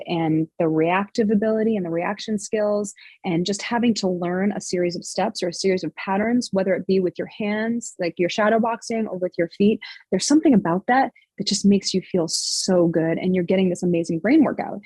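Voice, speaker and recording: A woman fitness coach speaks as a podcast interview guest, explaining earnestly with lots of fillers and restarts. Her voice is husky and a bit breathy, sitting at an ordinary pitch. The sound is dry and close. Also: moderate pace, a little mellow, no room sound.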